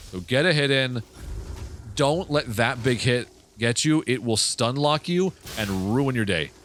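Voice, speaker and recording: A man casually commenting on his own game playthrough, swearing often and reacting loudly to what happens on screen. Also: mid-range voice, animated, unhurried, a little hiss or hum. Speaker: gaming channel host. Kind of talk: casual let's play commentary.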